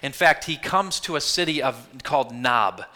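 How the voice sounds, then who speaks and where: A man preaching a sermon, telling a Bible story in an earnest, animated way and slipping into quoted voices. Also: medium pitch, moderate pace. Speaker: pastor.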